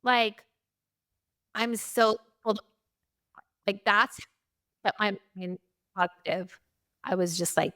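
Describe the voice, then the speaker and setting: A middle-aged woman telling a chaotic travel story in a casual chat, animated and laughing often, acting out quotes in a higher voice. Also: slow pace, pauses often. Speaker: podcast host.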